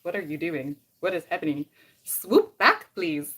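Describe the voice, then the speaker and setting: A woman's voice: sits low, fairly even intonation, a little fast. A young woman with a Canadian accent chatting casually on a livestream while curling her hair, reading out comments and rambling between steps. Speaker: beauty vlogger.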